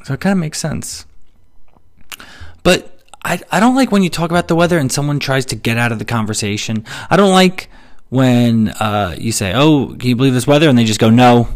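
A man hosting a solo comedy podcast, ranting sarcastically about everyday annoyances and mocking people in quick put-on quotes. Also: medium pitch, animated. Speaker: podcast host. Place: New York City.

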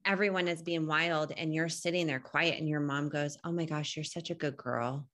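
Low-voiced woman talking earnestly. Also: fairly even intonation, normal speed, fairly bright tone. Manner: earnest, reflective, acts out quoted voices. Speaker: podcast co-host. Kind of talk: casual podcast conversation.

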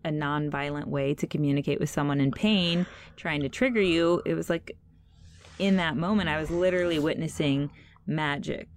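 Low-voiced woman telling a story. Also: normal speed. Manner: chatty storytelling with fillers and restarts. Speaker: podcast host. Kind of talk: casual podcast interview.

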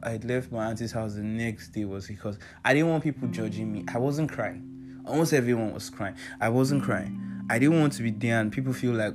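A young Nigerian-accented vlogger speaks in a mid-range voice at a moderate pace over soft guitar music. His casual, heartfelt monologue of personal advice is earnest and emphatic, with phrases repeated for stress.

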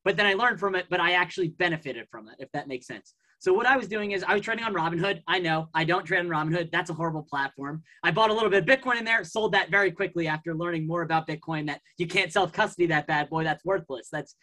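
A man's voice: high voice, fast, few pauses, sharp tone. A man as a podcast guest in casual chat, telling a long story in a rambling way, full of fillers and restarts.

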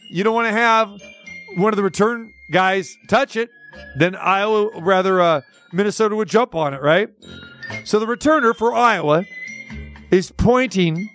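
A man hosting a sports talk radio show, telling stories in an animated, excitable way with stammered restarts. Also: high-pitched, normal speed, faint music behind.

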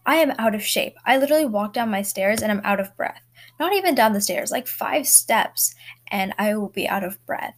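A woman's voice: medium pitch, lively intonation, moderate pace. A teenage girl hosting her own podcast from home, chatting casually and rambling with lots of fillers and little laughs. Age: teens. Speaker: podcast host. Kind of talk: casual solo podcast chat. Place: bedroom at home.

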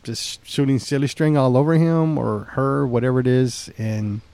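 A man's voice: medium pitch, fairly even intonation, normal speed, gravelly, mellow, no room sound. Laid-back man hosting a podcast. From San Antonio, Texas. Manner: laid-back, rambling, laughs often. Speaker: podcast co-host. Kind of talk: casual podcast chat.

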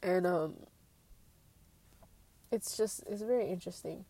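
A woman's voice: lowish voice, unhurried, warm tone, husky. A young adult woman, a college student, talking through her feelings in a rambling, earnest personal monologue full of fillers.

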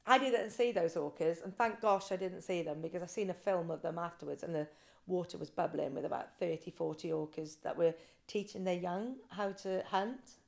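A woman guest on a podcast, telling her swim story with animated quoted voices. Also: lowish voice, moderate pace, gravelly. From Britain. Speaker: guest, ice swimmer. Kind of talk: casual interview storytelling.

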